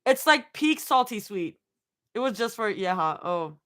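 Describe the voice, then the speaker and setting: Unhurried but very animated, this woman reads fan fiction live in a medium-pitched, slightly bright voice. Laughter comes often between lines as she stops to chat with the people watching.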